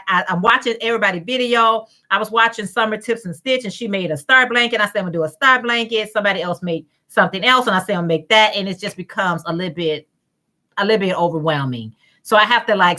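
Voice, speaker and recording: Bright-voiced woman chatting on a livestream. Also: mid-range voice. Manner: chatty, greets viewers by name, reads comments aloud. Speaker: crochet livestream host. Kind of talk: casual livestream chat reading comments.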